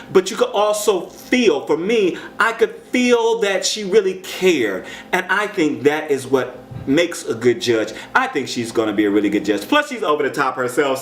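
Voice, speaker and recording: Chatty American man in an echoey room. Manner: chatty, animated, jumps up in pitch when quoting people. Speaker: show commentator. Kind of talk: casual solo commentary.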